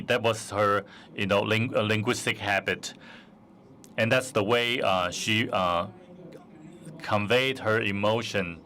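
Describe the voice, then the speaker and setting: A man's voice: medium pitch, pushed and bright, a little hiss or hum. A man telling a personal anecdote on a conference stage, hesitant with many fillers, into a stage microphone. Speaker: forum speaker.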